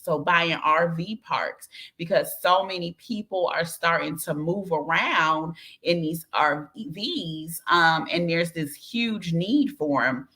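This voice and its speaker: Animated bright-voiced woman chatting casually. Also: mid-range voice. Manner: animated, playful, teasing, laughs often, says "girl" and "y'all". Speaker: host reading live chat. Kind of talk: casual livestream chat.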